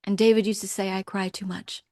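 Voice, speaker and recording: A woman in her sixties speaks as an interview guest, earnest and measured. She tells her own story with feeling at a steady middle pitch. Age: 60s. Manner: earnest, measured, emotional at times. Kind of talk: interview, personal account.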